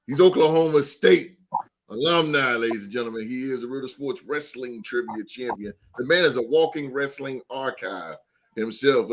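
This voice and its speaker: A man hosting a sports podcast, reading sponsor plugs and giving booming announcer-style introductions to his co-hosts. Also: a bit bright. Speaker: podcast host.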